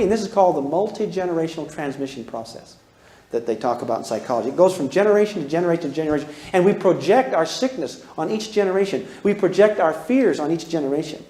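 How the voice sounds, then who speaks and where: A man with a fairly high voice lectures to a live class on parenting. He speaks emphatically, draws on his own life and keeps asking the room direct questions. His voice carries a noticeable echo from the room. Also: a little mellow. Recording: echoey room.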